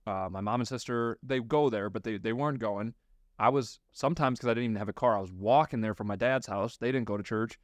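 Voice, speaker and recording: A man's voice: fairly low pitch, quick pace, no echo. A young male podcast host sharing his own story in earnest, casual conversation.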